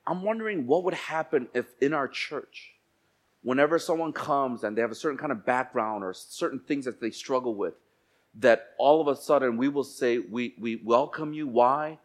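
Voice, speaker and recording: In a church, a man of medium pitch preaches a sermon. His delivery shifts from hushed, unhurried lines to sudden loud bursts, and he acts out the voices in his quotations.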